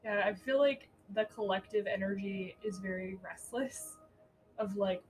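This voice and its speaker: A woman's voice: medium pitch, a little slow, a little mellow, slight background noise. A woman co-hosting a podcast, chatting casually about astrology and spirituality, swearing freely and laughing often. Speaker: podcast co-host. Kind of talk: casual chat.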